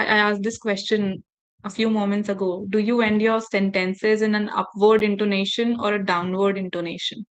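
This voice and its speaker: A woman running a workshop for teachers, speaking in a measured, deliberate way with emphatic pauses and direct instructions to her audience. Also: medium pitch, poor audio. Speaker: faculty development trainer.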